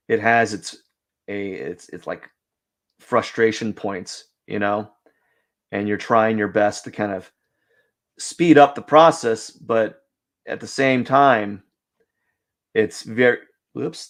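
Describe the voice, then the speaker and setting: A man's voice: lowish voice, vocal fry. A young man chatting casually on a drawing live stream, rambling with lots of fillers and restarts. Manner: rambling, self-deprecating, many fillers and restarts.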